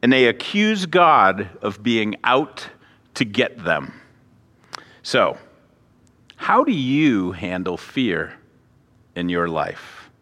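A man's voice: fairly low pitch, extremely slow, long pauses. A man preaching a sermon as a pastor, conversational with self-deprecating asides and acting out the characters' voices. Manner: animated, acts out the characters' voices. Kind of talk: expository sermon. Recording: reverberant hall.

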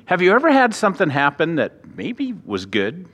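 A man's voice: fairly high pitch, moderate pace, slightly rough. A man preaching a sermon as a pastor, conversational with self-deprecating asides and acting out the characters' voices. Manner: animated, acts out the characters' voices. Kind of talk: expository sermon. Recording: reverberant hall.

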